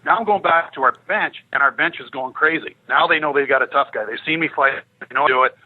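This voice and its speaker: Over narrow, tinny audio, a fifty-something ex-pro hockey player shares casual podcast anecdotes, voicing the characters' lines with animation. He speaks on the high side at a quick pace.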